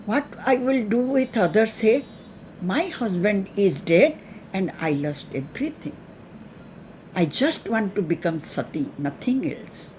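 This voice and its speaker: A woman's voice: medium pitch, lively intonation, a little slow, a little mellow, a little hiss or hum, natural voice. Woman voicing a grieving young widowed princess. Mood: mournful resolve. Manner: pleading, mournful. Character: young widowed princess, grief-stricken and resolute.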